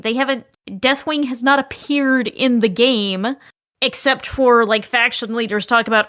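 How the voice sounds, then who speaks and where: High-voiced female podcast co-host. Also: unhurried, a bit bright. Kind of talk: casual podcast chat.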